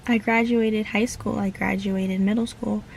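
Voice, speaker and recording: A woman's voice: medium pitch, little pitch movement, vocal fry, slight background noise, poor audio. A young woman from the United States talking earnestly and heartfelt in a reflective personal vlog. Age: young adult. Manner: earnest and heartfelt, slow with pauses. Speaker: vlogger.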